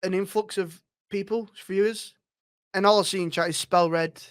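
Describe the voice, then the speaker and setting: A man's voice: high voice, fairly even intonation, normal speed, clean tone, dry recording, studio quality. A man talking as a roleplay streamer guest in a casual interview, rambling and swearing freely.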